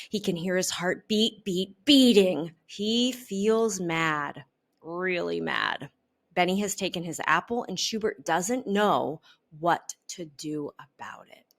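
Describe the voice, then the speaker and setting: Unhurried female storybook reader, expressive, low-pitched. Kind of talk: children's story read-aloud.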